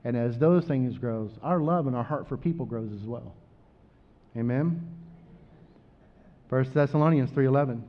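A man preaching a sermon, rising loud on scripture and dropping quiet for asides. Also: medium pitch, moderate pace, long pauses, muffled recording.

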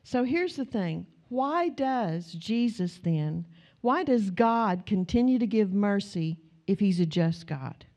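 Mellow-voiced woman preaching. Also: medium pitch, slow. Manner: lively storyteller acting out family voices. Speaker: pastor. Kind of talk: sermon with a personal story.

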